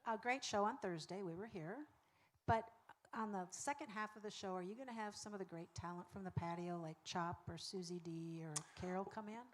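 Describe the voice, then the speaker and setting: A woman's voice: mid-range voice, brisk. A woman from Minnesota in the audience, politely and eagerly asking the hosts a question. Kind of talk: question from the crowd.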